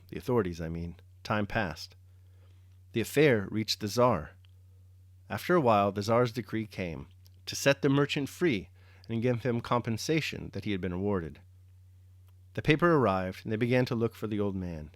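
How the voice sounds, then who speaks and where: A man reading a classic novel aloud, chapter by chapter, in a measured, steady way, then reflecting on it as host. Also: lowish voice, no echo, studio quality. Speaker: reader and host. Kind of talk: audiobook-style novel reading.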